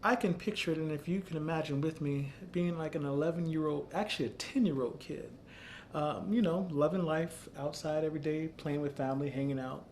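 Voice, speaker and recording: A man in his thirties, founder of an arts center, telling a personal story in an earnest, reflective, measured way. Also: a little high, a little mellow, a little hiss or hum.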